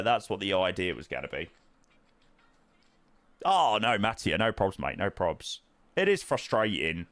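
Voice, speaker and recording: A man's voice: fairly low pitch, a bit bright, dry recording. A young man streaming a flight sim, chatting casually with viewers in matey banter full of fillers. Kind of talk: casual live-stream chat, answering viewers.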